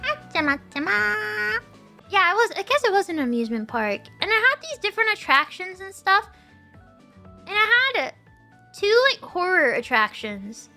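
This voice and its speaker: A woman with a very high, bright voice tells a story in a loose, chatty way. Her pitch jumps around a lot as she acts out the people in it, and she laughs often. Soft music plays behind her. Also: moderate pace. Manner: animated storytelling, laughing often, acting out quotes. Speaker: streamer. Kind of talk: casual story time chat.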